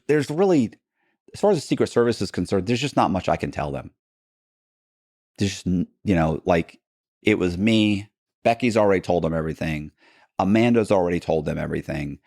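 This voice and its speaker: A man, a podcast guest, telling stories in casual talk and acting out the other people in them with sudden jumps in pitch. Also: brisk, dry recording, studio quality. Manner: animated, acts out quoted dialogue with pitch jumps. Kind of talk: casual storytelling.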